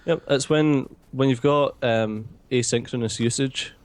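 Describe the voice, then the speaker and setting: A man's voice: mid-range voice, measured pace. Dry-witted Glaswegian man. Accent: Glaswegian Scottish. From Scotland. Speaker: co-player. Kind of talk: casual gaming chat.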